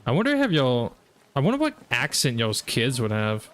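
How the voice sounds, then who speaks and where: A man's voice: medium pitch, wildly swooping pitch, normal speed, a bit bright, a little hiss or hum. A young man with a Southern US accent, chatting casually and rambling to his viewers while he plays on a gaming livestream. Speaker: gaming streamer.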